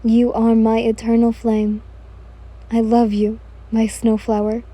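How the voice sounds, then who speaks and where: Woman voicing Rengoku, loud devoted swordsman. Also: monotone, unhurried. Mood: tender. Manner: booming, earnest declarations. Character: ardent young male demon slayer, loud and devoted.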